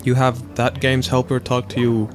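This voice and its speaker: A man hosting a let's play, chatting casually in a rambling, animated way and acting out quotes in silly voices. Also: medium pitch, normal speed, over music. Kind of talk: casual gaming chat.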